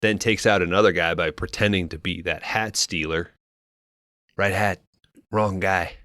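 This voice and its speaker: Deep, bright-toned man recapping a movie. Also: steady tone, measured pace, dry recording, clean studio sound. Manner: loose, profane storytelling with quoted asides. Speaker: podcast co-host recapping a film. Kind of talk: casual movie recap chat.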